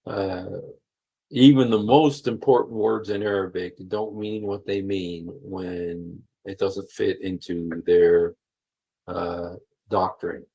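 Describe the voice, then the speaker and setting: A man leads a live stream, reading texts aloud and stopping to press his points with repetition. His voice is on the low side and husky. He speaks slowly through a computer mic. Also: fairly even intonation, mellow, rough recording. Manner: emphatic, repeats key phrases, many fillers. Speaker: livestream host. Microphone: computer mic while streaming.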